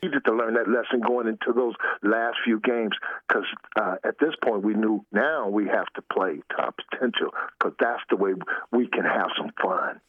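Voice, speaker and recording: Older ex-player guest, folksy and laughing, dry tinny phone sound. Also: male voice, fairly low pitch, moderate pace, no echo. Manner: laughs often, loose and folksy. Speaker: former football player, guest. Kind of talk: casual interview storytelling.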